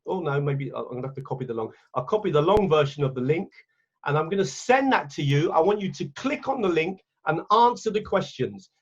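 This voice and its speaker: This is a teacher training webinar given by an English man over a video call on his computer mic. He chats along, corrects himself and clicks through his screen; his voice sits high for a man with a little huskiness, and the audio is dull and lo-fi.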